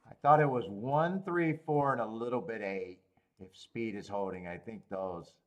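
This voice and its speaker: On a live horse racing betting stream, a man chats casually with his viewers, swearing freely and often laughing at his own expense. His voice sits on the low side at a normal speed, and the audio sounds dull.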